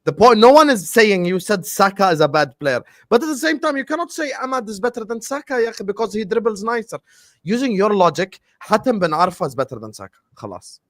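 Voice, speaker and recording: A man with a high voice scolds and mocks his co-hosts in rapid bursts, slipping in Arabic phrases. The sound is close and dry. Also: very animated, dry recording. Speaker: football panel regular. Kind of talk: heated casual debate.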